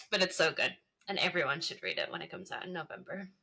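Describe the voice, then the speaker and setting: A woman's voice: deep voice, pushed and bright. A woman co-hosting a book podcast, chatting casually and telling stories animatedly. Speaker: podcast co-host.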